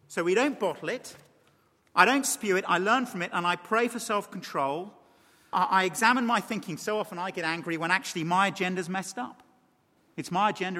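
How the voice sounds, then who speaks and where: Man preaching, bright tense voice, emphatic, long echo of a large church. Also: sits high. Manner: animated, emphatic, addresses the congregation directly. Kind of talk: sermon. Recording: long hall reverb.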